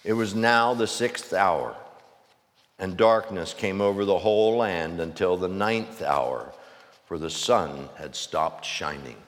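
A man preaching a sermon, reading scripture slowly and deliberately, then pressing a string of urgent questions. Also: deep voice, in a large hall.

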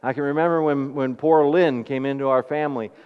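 A man preaching a sermon, asking the congregation questions and telling homely stories in an animated way. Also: mid-range voice, brisk, clean tone. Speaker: pastor. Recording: dull recording with long hall reverb.

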